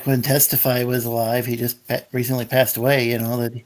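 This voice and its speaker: A man's voice: medium pitch, flat delivery, brisk. A man guesting on a livestream, insistently pressing his point in a casual argument. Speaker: stream guest.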